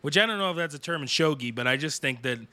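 Excitable guy griping about an anime scene, super bright voice that jumps all over. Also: a little high, quick pace. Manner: animated, exasperated, laughs often. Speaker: podcast co-host. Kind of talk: casual anime review chat.

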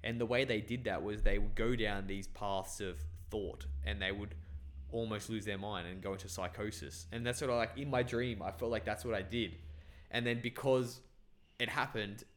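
Young man, low-pitched, casual podcast chat, rambling profane storyteller. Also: steady tone, normal speed, fairly bright tone. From Bangladesh.

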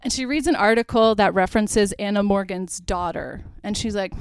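A young woman hosts a podcast, walking through a film's plot in a loose, chatty way. Her voice is smooth and clear, and she keeps dropping "like" as she goes. The sound is dry and close, with no room echo. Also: mid-range voice, moderate pace, hardly any pauses. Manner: chatty, heavy use of "like", laughs while retelling. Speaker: podcast host. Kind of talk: casual movie recap.

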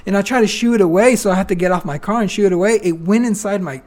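A young man hosting a podcast, telling a rambling story in a casual, animated way, full of "like" and "dude". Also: high-pitched, rapid-fire. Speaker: podcast host.

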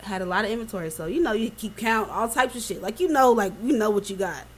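A woman co-hosting a casual chat, telling stories in an animated, profane way. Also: mid-range voice, fast talker, breathy edge. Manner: animated storytelling, swearing freely.

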